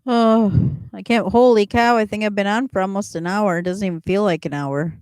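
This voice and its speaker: A woman's voice: medium pitch, fairly even intonation, a little fast, darkish tone, clear, resonant tone, dry recording. A middle-aged woman hosting a casual livestream chat, rambling as she answers viewers and laughing often. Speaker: livestream host chatting with viewers.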